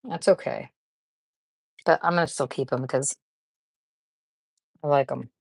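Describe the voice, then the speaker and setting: A craft channel host speaks in a low-pitched voice with vocal fry and a breathy edge, at a measured pace on a dry recording. During her casual live chat she rambles and chats as she fiddles with and sorts supplies, laughing often and greeting viewers by name.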